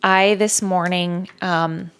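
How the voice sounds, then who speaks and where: A woman's voice: on the low side, steady tone, takes it slowly, fairly bright tone, clear, resonant tone. A woman hosting a podcast alone, talking in an earnest, reflective way that sometimes drops to a near-whisper. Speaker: podcast host. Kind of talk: reflective solo podcast talk.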